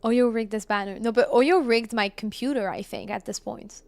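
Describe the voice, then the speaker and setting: Streaming a game, a woman chats casually with her viewers, laughing a lot and often apologizing. Her voice is gravelly and on the high side, at a moderate pace.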